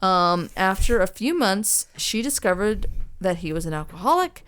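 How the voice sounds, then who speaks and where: A woman's voice: medium pitch, animated, normal speed, a bit bright, smooth. A young woman co-hosting a podcast, casually retelling a true crime story with lots of ums, restarts and swearing. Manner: rambling, swears freely, frequent ums and restarts.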